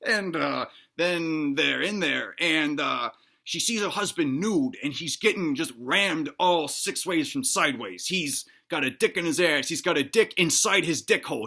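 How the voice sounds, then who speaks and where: A man telling a crude improvised comedic story in a rambling, deadpan way. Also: a little high, moderate pace, husky.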